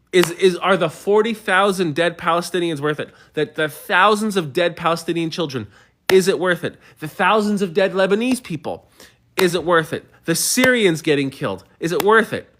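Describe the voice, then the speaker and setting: Man, livestream host, heated and argumentative, fairly high voice, stumbling restarts. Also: fairly bright tone, slight background noise. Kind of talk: casual livestream chat answering comments.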